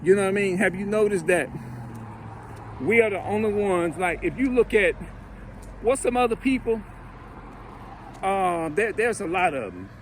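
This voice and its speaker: A man's voice: high-pitched, expressive, moderate pace, long pauses, slight background noise. A man giving a rambling, conversational monologue, acting out greetings between neighbors. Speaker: religious commentator. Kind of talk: casual monologue.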